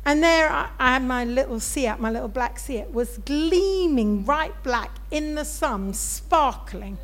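A woman preaching with a high, bright voice. She tells her stories with gusto and acts out the people in them. She urges the congregation to pray and stand up. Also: a little slow. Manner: storytelling, animated, acts out voices in anecdotes. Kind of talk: sermon.

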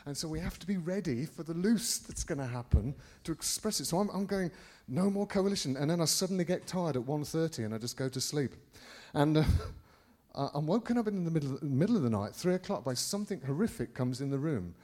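A middle-aged Englishman preaching by telling a personal story, rambling with many restarts and sudden jumps in loudness. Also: fairly high pitch, animated, a little fast, few pauses. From England. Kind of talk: anecdotal preaching to a congregation.

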